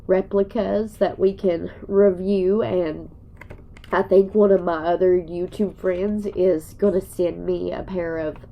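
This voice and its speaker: A woman's voice: on the low side, steady tone, slow pace, creaky, dull audio. A woman vlogger talking to her viewers while crying, in a rambling, folksy way. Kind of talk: emotional personal vlog.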